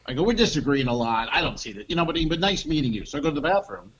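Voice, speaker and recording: A man co-hosting a comedy podcast, telling an animated anecdote and acting out what people said. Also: fairly high pitch, very fast, husky, highs cut off. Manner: animated anecdote teller, acts out quotes, swears. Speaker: podcast co-host. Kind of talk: comedic storytelling chat.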